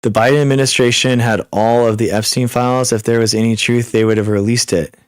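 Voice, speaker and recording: A young man hosting a live stream, answering chat questions in a rapid, repetitive, exasperated way with many restarts. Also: medium pitch, fairly even intonation, clean tone, dry recording, clean studio sound. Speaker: livestream host. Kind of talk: live Q and A chat reading viewer comments.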